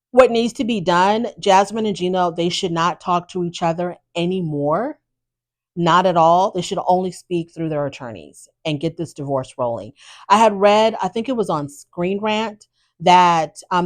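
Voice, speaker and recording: A woman hosting a podcast, casually recapping a reality show with blunt, animated opinions and exasperated asides. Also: lowish voice. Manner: animated, exasperated, talks straight to the subject.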